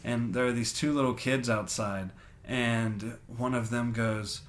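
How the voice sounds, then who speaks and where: A man's voice: medium pitch, steady tone, measured pace. A young man co-hosting a podcast, telling rambling, laugh-filled stories and swearing freely. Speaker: podcast co-host. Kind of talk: casual storytelling chat.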